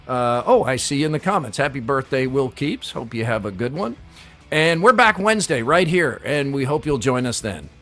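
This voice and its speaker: A middle-aged man co-hosting a casual sports talk show, relaxed and reading sponsor plugs between chatter. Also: mid-range voice. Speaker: radio show co-host.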